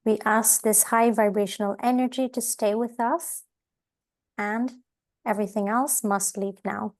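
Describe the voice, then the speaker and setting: A woman co-host leading a calm, measured spiritual invocation that asks for protection and guidance. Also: medium pitch. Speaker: tarot show co-host.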